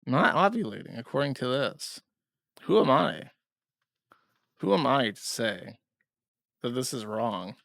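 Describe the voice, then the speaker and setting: Male commentary host, sarcastic and mocking, gravelly fry, dry close sound. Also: mid-range voice, expressive, unhurried, long pauses, fairly bright tone, dry recording. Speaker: commentary streamer. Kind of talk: livestream commentary.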